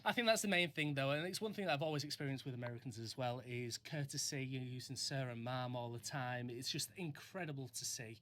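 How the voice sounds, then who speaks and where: Northern english man, interview host, quick pace, bright voice, enthusiastic. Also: mid-range voice. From north of England. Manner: enthusiastic, effusive praise. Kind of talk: casual interview hosting.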